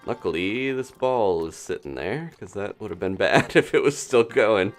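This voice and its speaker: A man casually commentating his own gameplay on a live stream, chatting and thinking aloud with quick little laughs. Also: lowish voice, expressive, faint music behind. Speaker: gaming streamer.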